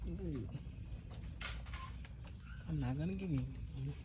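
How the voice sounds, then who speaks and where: A woman's voice: low-pitched, slow pace. A woman in her thirties, an expecting first-time mom, chatting casually and rambling straight to her viewers in a vlog. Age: 30s. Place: out shopping and walking to her car, then in the car. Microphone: handheld phone. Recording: outdoor phone recording with traffic noise.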